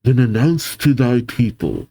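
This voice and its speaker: A man voicing a cold, commanding ancient ruler who speaks in slow, solemn, archaic phrases. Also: huge pitch swings, gravelly, dark tone, heavily acted. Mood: menacing. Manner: low, solemn, archaic speech.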